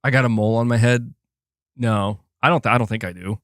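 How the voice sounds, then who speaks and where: A man's voice: mid-range voice, fairly even intonation, a little fast, no echo, clean studio sound. A man live-streaming in casual chat, rambling and swearing with many restarts. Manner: profane, frustrated, rambling with restarts.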